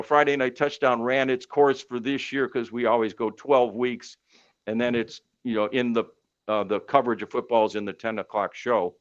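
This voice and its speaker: A middle-aged sportscaster spins long, animated stories, leaning on fillers like "you know" and "uh." He has a mid-pitched male voice. The audio sounds dull and lo-fi, like podcast audio. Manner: animated storyteller with many fillers. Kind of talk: casual storytelling chat.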